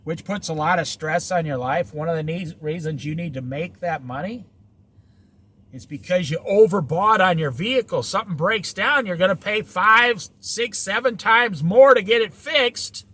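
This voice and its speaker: A man's voice: high-pitched, moderate pace, bright, forceful tone. A man giving an opinionated, preachy monologue about living simply in a van, repeating points and firing rhetorical questions. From United States. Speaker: van-life vlogger.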